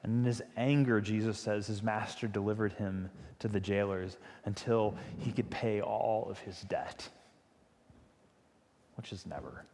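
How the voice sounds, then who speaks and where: A man's voice: lowish voice, fairly even intonation, a little slow, a little mellow, a little hiss or hum. A male pastor giving a sermon in a conversational, emphatic storytelling manner. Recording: long reverb of a large hall.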